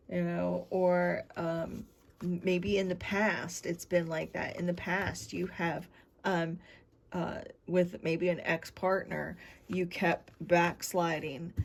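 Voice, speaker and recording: Slow-talking woman giving a tarot reading. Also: on the low side. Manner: meandering, talks straight to viewers. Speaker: tarot reader.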